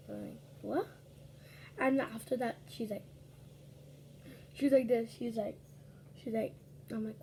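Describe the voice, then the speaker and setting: A woman's voice: a little high, normal speed, pauses often, warm tone, slightly rough. A woman casually telling a rambling story between bites in an eating ASMR video, dropping into whispered asides. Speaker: ASMR vlogger.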